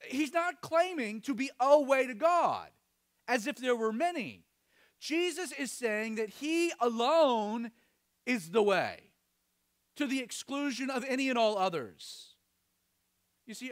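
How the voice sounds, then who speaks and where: High, lively-voiced preaching man. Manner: expressive, emphatic, earnest. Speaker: pastor. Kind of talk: sermon.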